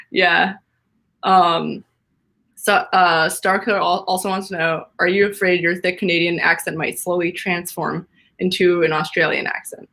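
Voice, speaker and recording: A woman hosting a casual livestream interview, relaxed, reading out viewer questions with plenty of ums. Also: on the low side, a little slow, gravelly. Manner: relaxed, reads viewer questions aloud with fillers. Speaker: livestream host.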